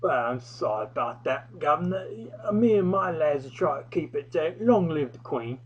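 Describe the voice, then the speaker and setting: Dude doing a drunk guy slurring a cheeky fake english accent, bit higher pitched, muffled audio. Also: animated, moderate pace, breathy edge. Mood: cheeky mockery. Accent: mock English. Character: drunk young man mocking an English accent.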